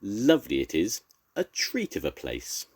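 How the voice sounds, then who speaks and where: A cheery, boastful toad from a children's storybook, hearty and loud, as an older grandfather puts him on. His voice rides higher than the reader's own deep tone. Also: wildly swooping pitch, measured pace, breathy edge, dry recording, studio quality, heavily acted. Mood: jolly.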